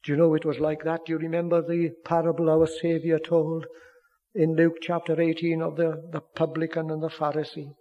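A man preaching a sermon with earnest pleading, swinging from loud declarations down to hushed near-whispers. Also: fairly high pitch, monotone, moderate pace, muffled recording.

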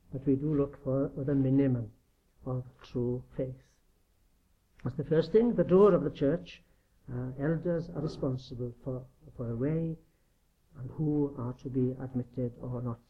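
A man preaching a sermon in an earnest, emphatic way, often asking rhetorical questions. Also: mid-range voice. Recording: dull lo-fi recording.

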